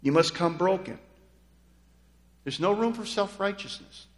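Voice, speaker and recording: A male pastor preaching a sermon, swinging from quiet, low passages to loud, emphatic declarations. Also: lively intonation, unhurried. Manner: emphatic preaching, voice dropping soft then rising loud. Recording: long hall reverb.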